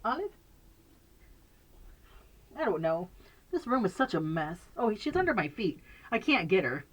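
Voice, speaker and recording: A woman's voice: medium pitch, very animated, measured pace, poor audio. A woman vlogger chatting casually to her camera in a messy room at home, rambling with many fillers, restarts and frequent laughs.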